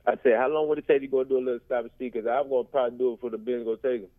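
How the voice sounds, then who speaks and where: A man's voice: mid-range voice, fairly even intonation, rapid-fire. A man from Tennessee with a Southern accent, calling in to a show and repeating his question in a laid-back drawl. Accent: Southern American. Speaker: caller. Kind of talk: phone-in call. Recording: tinny phone line.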